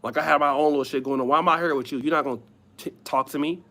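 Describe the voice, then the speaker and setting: A man's voice: fairly high pitch, fairly even intonation, very fast, pushed and bright. A man mimicking a demanding young woman nagging her boyfriend, sweet and rude at the same time.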